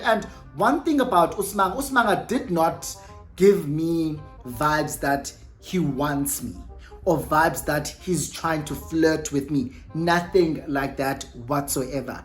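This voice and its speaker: Low-voiced South African woman vlogging. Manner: chatty, self-correcting, mixes in Xhosa words. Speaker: YouTuber. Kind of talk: casual storytime vlog.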